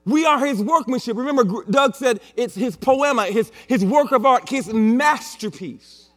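A man's voice: very high-pitched, lively intonation, normal speed, fairly bright tone. A man preaching a sermon with emphatic repetition and playful asides. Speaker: pastor. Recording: long hall reverb with mains hum.

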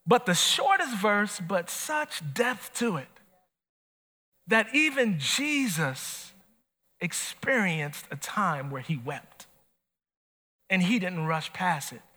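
A man preaching a sermon as pastor, animated and swinging from soft to shouting. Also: high voice, slow, pauses often. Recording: long hall reverb.

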